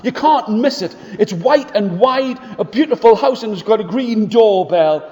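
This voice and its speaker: A man voicing a sweet little boy who talks high and giggly with delight. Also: expressive, moderate pace, darkish tone, in a large hall. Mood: eager.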